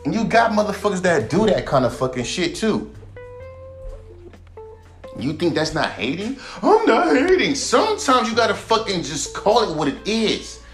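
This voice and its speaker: Male podcast host with a heated, profane, repetitive rant; lively delivery, roomy echo. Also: high-pitched, normal speed, soft background music. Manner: heated and profane, repeats himself. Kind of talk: ranting monologue.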